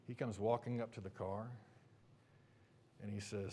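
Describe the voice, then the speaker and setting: A preacher telling a humorous personal story during a sermon, with lively, animated delivery. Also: male voice, lowish voice, moderate pace, pauses often, breathy edge.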